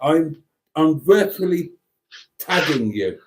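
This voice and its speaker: A man's voice: on the high side, lively intonation, slow, background noise. A man hosting a casual livestream, reading comments and teasing with dry quips. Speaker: livestream host.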